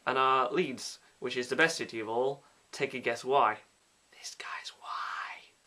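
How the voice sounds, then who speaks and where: A man's voice: mid-range voice, normal speed, bright, forceful tone. A young man in his late teens from Yorkshire with a mild Yorkshire accent, chatting in a casual, self-mocking vlog. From Yorkshire, England. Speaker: vlogger.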